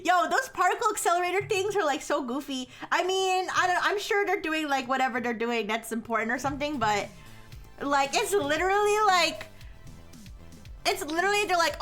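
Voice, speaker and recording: High-voiced rambling woman streamer. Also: expressive, moderate pace, long pauses, pushed and bright, faint music behind. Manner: rambling, heavy filler words, frequent laughter. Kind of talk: casual live-stream chat.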